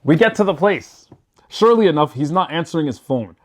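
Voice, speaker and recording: A man telling a personal story in a casual, animated vlog style, swearing freely and filling his talk with "like" and "you know.". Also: fairly high pitch, fairly quick. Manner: animated, swears freely, chatty with lots of fillers. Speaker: storyteller vlogger.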